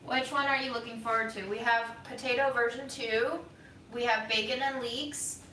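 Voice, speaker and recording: A woman's voice: fairly high pitch, fairly even intonation, moderate pace, sharp tone, recorded from a distance. A woman hosting a home cooking livestream, chatting casually and teasing her co-host. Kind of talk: casual chat. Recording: echoey room, off-mic, faint noise.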